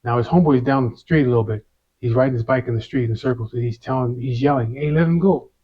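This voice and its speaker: Male interviewee, mid-pitched, casual slang-heavy storyteller, slightly dull recording. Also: fairly even intonation, fast, husky. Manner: casual street slang, swears, constant "you know". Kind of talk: first-person storytelling.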